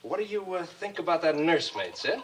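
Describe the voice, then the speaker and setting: A nervous, overly polite young man in a 1950s film, stumbling over his words. His pitch swings widely, and a faint hiss runs under the old soundtrack. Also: sing-song, a little fast, fairly bright tone. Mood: hesitant. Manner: hesitant, stammering.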